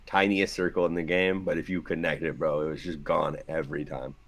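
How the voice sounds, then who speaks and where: A man's voice: a bass voice, flat delivery, brisk, a bit bright. A man co-hosting a casual sports podcast, telling loose, laughing stories full of mimicked quotes and swearing. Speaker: podcast co-host. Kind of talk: casual chat.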